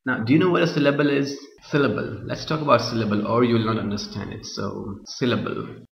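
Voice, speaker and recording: A man's voice: mid-range voice, fairly quick. A man teaching a grammar lesson, repeating his points and checking with the class again and again. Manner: repeats points, keeps asking "Clear?". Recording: muffled echoey room, voice drifting from mic.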